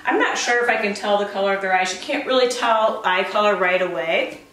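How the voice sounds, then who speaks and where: A woman breeder chatting casually as she shows a litter of puppies, often cooing at them in a high baby-talk voice. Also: fairly quick, a bit bright. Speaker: dog breeder showing a puppy litter. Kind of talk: casual vlog chat. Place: indoor room with the puppies. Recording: roomy, distant camera sound.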